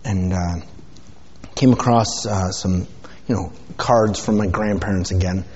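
In a low, darkish voice that stays fairly even and moves a little slowly, a pastor delivers a casual sermon and prayer inside a church sanctuary. His talk is folksy and meandering, packed with fillers, and the audio is dull with reverb from the hall.

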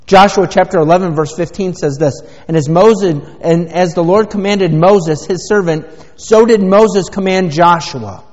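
A man's voice: high-pitched, a little slow, few pauses, a little mellow. A man pastor preaching a sermon, emphatic and driving his points home with rhetorical questions. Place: church sanctuary. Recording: dull lo-fi sound with long church reverb.

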